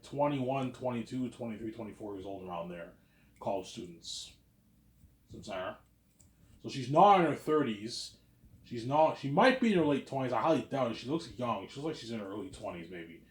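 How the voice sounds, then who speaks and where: Man, 30s, casual rambling vlogger, mid pitch, filler-heavy, echoey room. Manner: repeats "obviously" and "man", chatty and self-assured. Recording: roomy echo.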